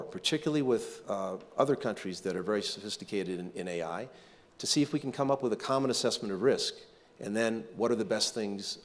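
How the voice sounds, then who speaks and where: A middle-aged man, a government official, answering questions in a panel interview in a measured way with frequent fillers. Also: lowish voice.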